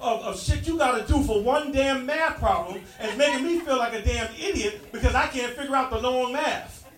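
A middle-aged man performing a stand-up comedy set, punchy and loud, teasing the audience. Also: very high-pitched, fairly quick, faint music behind. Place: stage in a club with a live audience. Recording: echoey club, distant mic, crowd noise. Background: audience laughing and clapping.

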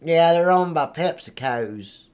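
A man's voice: fairly high pitch, expressive, a little slow, a little mellow, clean tone. An actor playing a crude, boastful trailer park man who rambles and swears constantly in an improvised comedy sketch. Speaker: comedy character.

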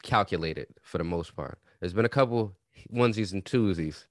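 A man co-hosting a podcast, telling stories in casual, profane, animated chat. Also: deep voice, moderate pace, no echo, studio quality. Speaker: podcast co-host.

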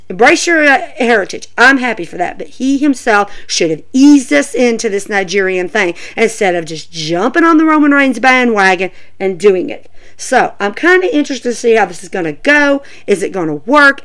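Animated woman ranting about wrestling. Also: fairly high pitch. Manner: animated, ranting, lots of fillers. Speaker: podcast host. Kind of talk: casual wrestling commentary.

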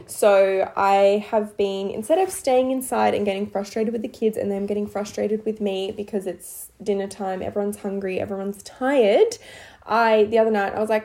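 A woman's voice: medium pitch, fairly even intonation, moderate pace, mellow. Chatty young woman telling stories. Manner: rambling storyteller, many "like"s, frequent giggles. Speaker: podcast co-host. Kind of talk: casual chat.

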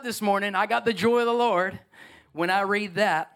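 A man preaching a sermon as pastor, emphatic and animated. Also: sits high, normal speed.

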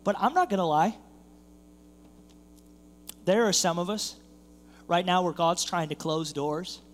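A man's voice: high voice, measured pace, long reverb tail, faint music behind. A man preaching a sermon as a pastor, telling a story and acting out the voices of the people in it. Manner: storytelling, acts out quoted voices, builds in intensity. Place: church sanctuary.

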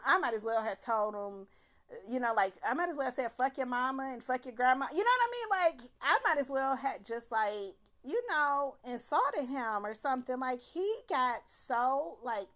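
A woman with a somewhat high voice tells a personal story in a loose, casual monologue. She is animated and profane, and laughter breaks into her telling.

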